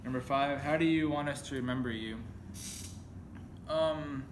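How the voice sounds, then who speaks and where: A man's voice: mid-range voice, measured pace, noisy background. A teenage boy answering his own questions for a school video diary, hesitant and mumbling with many ums. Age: teens. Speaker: high school student. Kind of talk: self-interview video diary.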